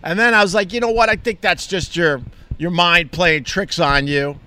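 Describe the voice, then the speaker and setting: Middle-aged man from Long Island, rambling candid monologue, slightly high bright voice, casual and unscripted. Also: steady tone, normal speed, smooth. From Long Island, New York. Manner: rambling, candid, swears freely. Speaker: vlogger.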